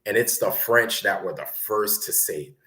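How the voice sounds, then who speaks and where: A very low-pitched man from Brooklyn tells a story in a loose, conversational ramble. He keeps checking in with his listener as he goes, in the easy tone of casual talk. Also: moderate pace, bright, forceful tone. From Brooklyn, New York. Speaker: guest recounting military service.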